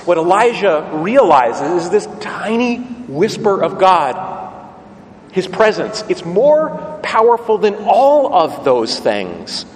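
A man's voice: sits high, very animated, takes it slowly. A man preaching a sermon, telling the story vividly and putting rhetorical questions to the congregation. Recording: long church reverb, faint ambient noise.

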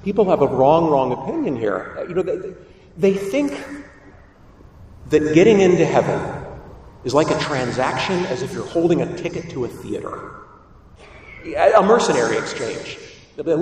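Priest preaching in an echoey church. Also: male voice, medium pitch, normal speed, long pauses, a little hiss or hum. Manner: animated preaching, acting out quoted voices. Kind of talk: sermon. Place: large church. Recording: echoey church heard from a distance.

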